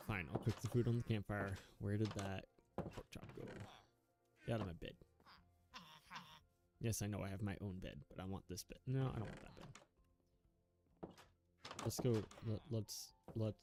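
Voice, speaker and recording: A young man giving rambling, self-mocking commentary while playing a video game, chuckling often. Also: fairly low pitch. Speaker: gaming YouTuber. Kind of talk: casual gameplay commentary.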